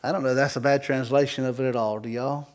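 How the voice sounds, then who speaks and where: A man's voice: medium pitch, steady tone, fast. A man from the Carolinas with a Southern accent, preaching a sermon as pastor in a folksy, joking storytelling way.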